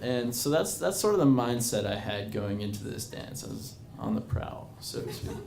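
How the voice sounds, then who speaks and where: A man's voice: mid-range voice, very animated, normal speed, vocal fry. Rambling young man in an echoey bar. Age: 20s. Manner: rambling and self-mocking, full of fillers, breaking into laughs. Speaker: storyteller. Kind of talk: live personal storytelling. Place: bar with a live audience. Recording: echoey bar with crowd noise.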